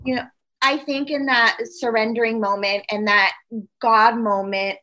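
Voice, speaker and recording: Woman host reflecting gently. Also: on the high side, steady tone, a little slow, poor audio. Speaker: podcast host. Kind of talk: reflective conversation.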